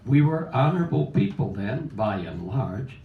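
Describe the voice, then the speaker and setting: A man's voice: medium pitch, big pitch swings, phone-quality sound. A man in his eighties from Pennsylvania, reading a reflective memoir poem at an open mic in a small cafe. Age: 80s. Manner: slow, reflective, measured recitation. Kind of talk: reading memoir poetry aloud. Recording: roomy cafe sound from a distance.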